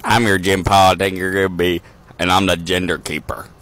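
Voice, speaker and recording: A man at a family gender reveal, making a halting announcement. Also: low voice, level tone, a bit bright.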